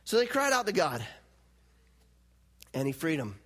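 A man's voice: on the high side, wildly swooping pitch, unhurried, a bit bright, slightly rough. A man preaching a sermon in a conversational way, laughing often and acting out God's words with rising intensity. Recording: long reverb of a hall.

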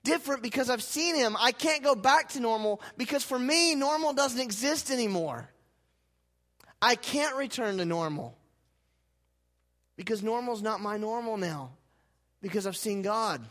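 A man preaching a sermon as pastor, dramatic, swinging from hushed lines to loud, fervent ones. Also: very high-pitched, expressive, moderate pace. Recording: hall reverb.

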